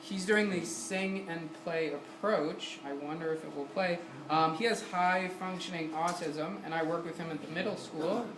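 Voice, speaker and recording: Male music teacher, energetic classroom delivery with quick questions and sung demos; distant, roomy recording with background noise. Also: on the high side. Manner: sings short syllables to demonstrate. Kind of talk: classroom lesson. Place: community center room.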